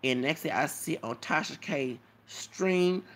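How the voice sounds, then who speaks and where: A man's voice: on the high side, measured pace, fairly bright tone. A man talking in a rambling commentary vlog, lecturing and often asking "okay?" and "you know what I'm saying?". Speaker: YouTube commentator.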